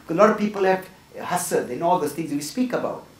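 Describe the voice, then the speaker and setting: A man's voice: a little high, quick pace. Earnest middle-aged man, echoey distant. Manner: earnest, tags points with "right?". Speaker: workshop speaker. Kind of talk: motivational talk with personal stories. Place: room with a small group.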